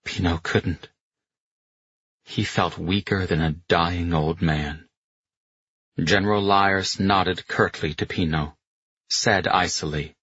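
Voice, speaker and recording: Deep, husky man narrating slowly. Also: steady tone, a bit bright, no echo. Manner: measured, dramatic storytelling. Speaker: audiobook narrator. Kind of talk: scripted narration. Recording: slightly muffled dry recording.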